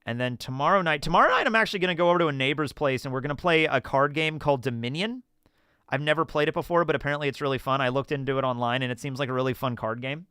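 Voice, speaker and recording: A man's voice: medium pitch, very fast, clear, resonant tone, dry recording, studio quality. A man chatting casually on a live stream, answering questions and telling rambling stories with laughs. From United States. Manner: rambling, animated storytelling with laughs.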